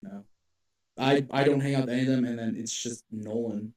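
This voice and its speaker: A young man co-hosting a podcast in casual chat, blunt and quick to chime in, swearing freely. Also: mid-range voice, steady tone, a little mellow. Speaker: podcast co-host. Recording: echoey room, far from the mic.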